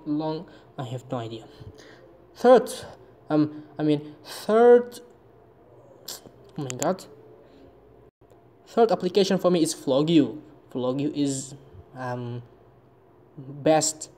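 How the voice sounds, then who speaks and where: A man vlogging casually about phone apps, speaking halting English with frequent restarts and searches for words. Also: medium pitch, mellow. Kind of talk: casual phone-app vlog.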